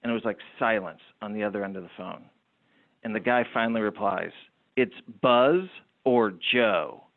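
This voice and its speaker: A man who runs a business, telling lively anecdotes as a guest in an interview. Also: on the low side, fast, creaky. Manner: animated anecdotal storyteller. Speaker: entrepreneur guest. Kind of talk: storytelling interview talk. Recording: tinny phone-like line.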